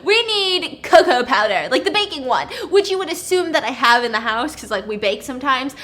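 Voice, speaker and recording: A woman's voice: high-pitched, brisk. A young woman casually retelling a story while baking for her vlog, acting out the characters and laughing often. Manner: animated, voices the characters in quotes, laughs often.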